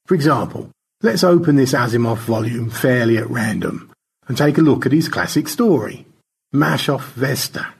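A man reading aloud and voicing a playful, teasing man who loves word games, with a raspy, gravelly voice and a brisk, mischievous manner. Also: medium pitch, expressive, exaggerated voice.

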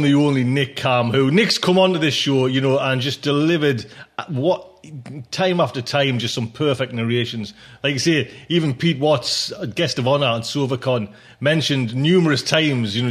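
A man hosts a podcast and chats casually between segments. He talks informally, rambling, with plenty of fillers. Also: mid-range voice. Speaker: podcast host. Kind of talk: casual chat.

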